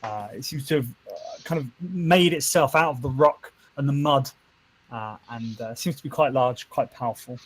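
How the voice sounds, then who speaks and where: A man's voice: mid-range voice, moderate pace, rough recording. A man narrating a tabletop game as game master, with many fillers and restarts. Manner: hesitant, full of fillers and restarts.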